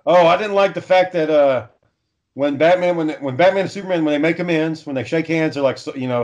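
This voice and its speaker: A man's voice: a little high, fairly quick, a little mellow. A man chatting casually with friends, rambling and swearing as he goes. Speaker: friend in group chat. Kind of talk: casual chat. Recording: dull lo-fi audio.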